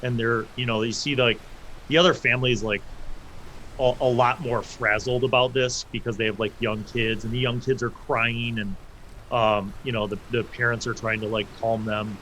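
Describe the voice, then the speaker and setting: A man's voice: medium pitch, flat delivery, normal speed, pushed and bright, a little hiss or hum. A man narrating as game master of a tabletop game, rambling with lots of fillers and restarts.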